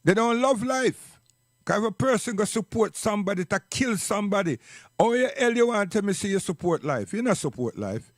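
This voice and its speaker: A man's voice: high voice, expressive, fairly quick, no echo, clean studio sound. A man with a Jamaican accent giving an impassioned, preachy spoken monologue, hammering his points with repeated questions. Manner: preachy, emphatic, repeats "you understand?".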